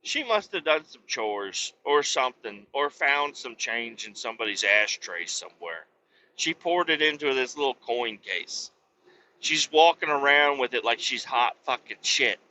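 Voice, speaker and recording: Bright-voiced profane man telling stories. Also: mid-range voice, animated, unhurried, a little hiss or hum, rough recording. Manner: rambling, swears a lot, rants loudly when interrupted. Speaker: podcast host. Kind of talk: profane comedic storytelling.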